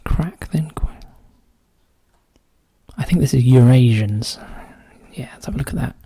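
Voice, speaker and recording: Gravelly, husky man muttering clues. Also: medium pitch, animated, fairly quick, no room sound. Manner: muses aloud, often drops to a quiet mutter. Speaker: crossword solver. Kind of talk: casual solo puzzle-solving commentary.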